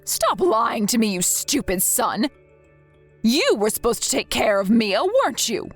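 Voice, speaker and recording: A woman's voice: fairly high pitch, big pitch swings, unhurried, full character voice. A woman voicing a stern, scolding grandmother. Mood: angry. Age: older. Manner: firm, scolding. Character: worried stern grandmother texting. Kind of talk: text-message story read aloud. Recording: soft music behind.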